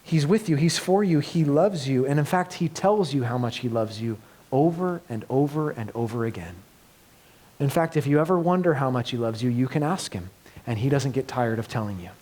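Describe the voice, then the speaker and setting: A man preaching a sermon as pastor, earnest, moving between loud emphatic passages and soft hushed ones. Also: mid-range voice, lively intonation, normal speed. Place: church.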